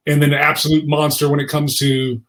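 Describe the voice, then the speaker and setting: A man's voice: a little high, flat delivery, brisk, fairly bright tone. A man co-hosting an interview who has played pro basketball and asks long, rambling questions. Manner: conversational, rambling questions with restarts. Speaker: podcast co-host, former pro basketball player. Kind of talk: interview chat.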